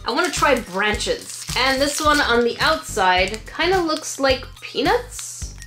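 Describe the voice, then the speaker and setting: A young woman from Quebec chatting excitedly to camera as she unboxes fan mail at home. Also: high-pitched, takes it slowly, music in the background. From Quebec, Canada. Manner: chatty and excitable, laughs often. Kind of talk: casual chat to camera. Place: room at home. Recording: echoey room.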